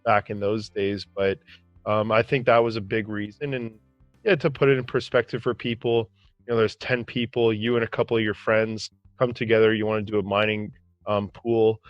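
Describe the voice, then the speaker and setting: A man hosting a casual interview, speaking relaxed with many fillers. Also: fairly low pitch, normal speed, no room sound. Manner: relaxed, uses fillers and frequent "you know". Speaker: podcast host. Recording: dry, dull lo-fi audio with faint music.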